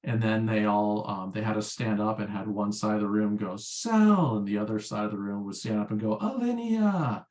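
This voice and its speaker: A man's voice: fairly low pitch, completely flat delivery, fast, few pauses, darkish tone. A man, a former sales rep chatting as an interview guest in a rambling, filler-heavy way. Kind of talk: casual interview chat.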